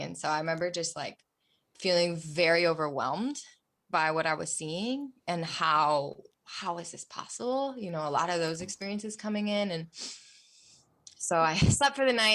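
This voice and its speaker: A young adult woman, a podcast guest, telling a personal story in an earnest, emotional way, dropping almost to a whisper at the hardest parts. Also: fairly low pitch. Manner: earnest, emotional, softens to near-whispers at hard moments.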